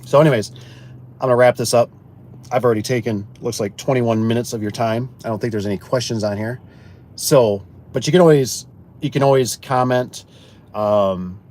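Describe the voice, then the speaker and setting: A garage door installer and business owner chatting to viewers, rambling through folksy work stories and acting out both sides of conversations. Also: male voice, mid-range voice, darkish tone. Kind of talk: casual storytelling to viewers.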